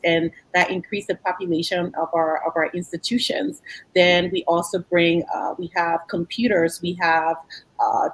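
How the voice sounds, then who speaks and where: Husky-voiced woman, halting speech. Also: fairly low pitch, low-quality recording. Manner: halting, many fillers and restarts. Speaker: nonprofit president. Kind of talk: interview conversation.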